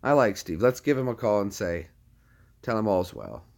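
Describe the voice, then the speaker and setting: A man's voice: lowish voice, animated, normal speed, vocal fry, a little mellow, slight background noise. A man hosting a casual livestream from his phone, rambling and often restarting his sentences. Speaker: livestream host.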